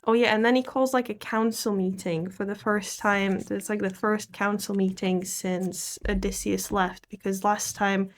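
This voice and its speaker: A woman's voice: mid-range voice, fairly even intonation, moderate pace, few pauses. A woman vlogger casually summarizing a book, rambling and self-deprecating, laughing often as she talks. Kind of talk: casual chat.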